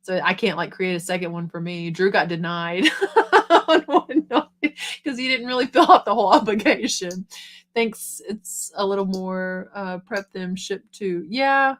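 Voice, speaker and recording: A middle-aged woman hosts a casual live stream, talking fast and upbeat as she reads out viewer comments. Her voice sits at an ordinary pitch, and her tone stays encouraging and chatty.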